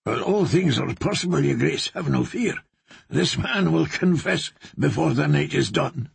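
A man voicing a gentle-sounding, quietly menacing older male torturer. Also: a little high, lively intonation, a little slow, creaky, breathy edge, dry recording, full character voice. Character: soft-spoken, sinister older male torturer.

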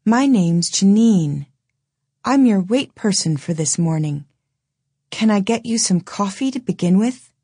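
A woman voicing a dazed young woman who talks in slow, detached waitress patter. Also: medium pitch, expressive, warm tone, breathy edge, dry recording, studio quality, voice pushed up. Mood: dazed, chirpy.

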